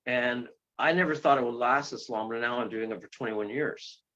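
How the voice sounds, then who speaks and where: A man's voice: medium pitch, normal speed. Rambling male guest telling a story. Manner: rambling, full of fillers and restarts, with excited exclamations. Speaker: guest, ghost tour guide and paranormal investigator. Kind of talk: storytelling in an interview. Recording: dull lo-fi sound.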